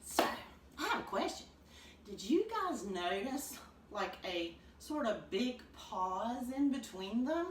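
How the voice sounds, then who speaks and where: Lively woman teaching clog steps. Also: on the high side, takes it slowly, far from the mic. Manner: upbeat, counts beats aloud while stomping. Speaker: clogging dance teacher. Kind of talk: demonstrating a dance lesson. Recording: roomy, from off the mic, noisy.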